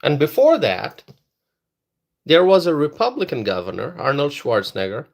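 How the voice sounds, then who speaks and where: A man's voice: fairly high pitch, huge pitch swings, moderate pace, vocal fry. A man hosting a live political stream, talking straight to his chat viewers and repeating phrases for emphasis. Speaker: political livestream host.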